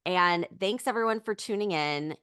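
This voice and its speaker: A woman's voice: on the low side, moderate pace, noisy background. A woman co-hosting a political podcast, talking in an indignant, urgent way, full of "like" and "you know". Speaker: podcast co-host.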